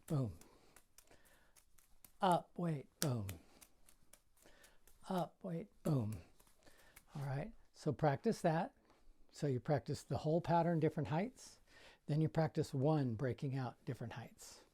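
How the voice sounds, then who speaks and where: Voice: medium pitch, mellow. An older juggling coach giving a casual tutorial in a bedroom, counting throws aloud as he demonstrates and coaching in plain, encouraging words.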